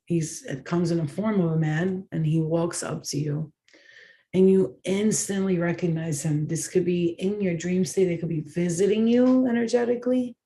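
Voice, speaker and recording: A tarot reader gives a channeled reading in a fairly low, dark-toned voice at a moderate pace. She talks effusively, emotionally and dramatically, dropping the occasional swear word.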